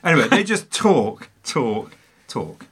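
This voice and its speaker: A man's voice: medium pitch, very animated, takes it slowly, fairly bright tone, slightly rough. A man co-hosting a casual film discussion, theatrical and emphatic, with a teasing way of arguing his point. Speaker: podcast co-host.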